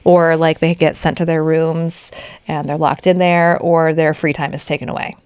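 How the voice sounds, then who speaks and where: A woman's voice: low voice, flat delivery, normal speed, a little mellow, clean tone, no echo. A woman co-hosting a podcast, chattily recapping a book plot with sarcastic asides and frequent laughs. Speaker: podcast co-host.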